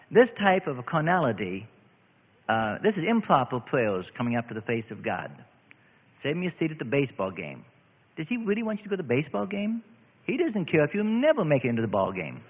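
A husky-voiced male preacher delivering an earnest radio sermon, his pitch swinging lively up and down as he tells stories and repeats phrases. The sound is thin and phone-like, with a long hall reverb trailing behind. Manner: earnest, animated storytelling with repetitions. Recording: tinny narrow-band radio broadcast with hall reverb.

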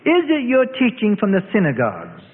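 Brief: impatient prosecutor pressing witnesses, voiced by a male narrator, lively pitch, tinny reverberant sound. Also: fairly quick. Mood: insistent. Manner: leading, insistent. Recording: tinny, reverberant phone-like audio.

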